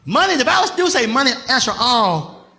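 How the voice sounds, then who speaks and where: A male pastor preaching a sermon, swinging from loud shouted lines to soft asides with bursts of laughter. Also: very high-pitched, sing-song, a little fast, creaky.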